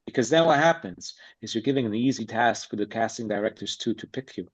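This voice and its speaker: A man's voice: on the low side, fast. Blunt, streetwise man on a podcast. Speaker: podcast guest, acting coach. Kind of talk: casual interview chat. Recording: slightly dull lo-fi sound.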